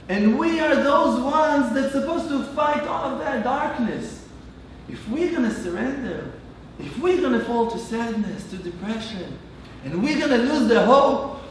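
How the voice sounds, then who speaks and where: High-pitched man preaching in an echoey hall. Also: a bit bright, slight background noise. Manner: impassioned preaching with long rhythmic lists. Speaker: rabbi. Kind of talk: sermon. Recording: echoey room from far off.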